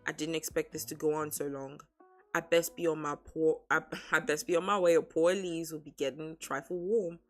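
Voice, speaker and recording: A woman reading aloud the lines of a calculating young male crime boss, in a flat, even way with her own low voice. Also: brisk, soft background music, natural voice. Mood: cold threatening.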